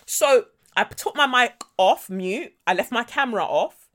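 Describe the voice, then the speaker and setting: A woman podcast co-host telling a story in a blunt, animated way with frequent swearing. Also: on the high side, measured pace. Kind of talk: casual storytelling chat.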